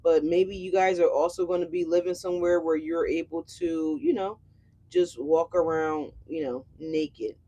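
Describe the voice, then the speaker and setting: A woman's voice: lowish voice, lively intonation, moderate pace, gravelly, dark tone. A woman doing a casual tarot reading, chatty and brash, swearing freely and talking straight to her viewers. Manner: chatty, brash and profane, addresses viewers directly. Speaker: tarot reader.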